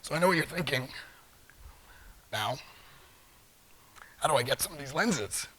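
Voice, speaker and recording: A man's voice: medium pitch, expressive, measured pace, bright, forceful tone, husky. A middle-aged man giving a live talk in a large conference hall, joking playfully with the audience. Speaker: conference speaker.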